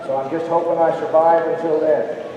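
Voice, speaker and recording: High ragged-voiced man in an echoey hall. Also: little pitch movement, moderate pace, lo-fi sound. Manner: playful, coaxes audience call-and-response. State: voice ragged from long singing. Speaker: folk musician performing for students. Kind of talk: school assembly performance talk. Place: large indoor auditorium with tiered seats. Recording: roomy echoey hall from far off.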